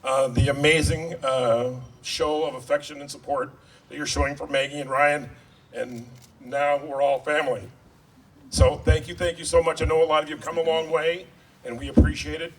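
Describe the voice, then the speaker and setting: A man's voice: a little high, level tone, normal speed. Joking father of the bride, far off. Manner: self-deprecating, joking, emotional. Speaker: father of the bride giving a toast. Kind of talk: wedding toast. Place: wedding reception hall. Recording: distant mic, loud crowd noise. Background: crowd and laughter.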